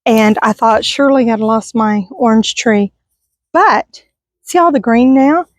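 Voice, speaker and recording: High-voiced middle-aged woman, chatty and wistful. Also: unhurried, no echo. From Texas. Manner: rambling, wistful, chatty with viewers. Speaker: vlogger. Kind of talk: casual garden tour vlog. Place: outdoors in a yard by a busy street. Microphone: handheld camera.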